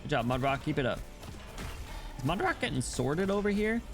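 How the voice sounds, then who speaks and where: A man's voice: fairly high pitch, normal speed, soft background music. A young man chatting casually and joking while streaming a game. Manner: lively, joking, self-interrupting. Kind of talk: casual gameplay chat.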